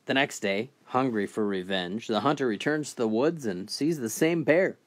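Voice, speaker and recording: A man telling a string of crude jokes in a steady, scripted narration voice. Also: medium pitch, normal speed. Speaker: joke teller.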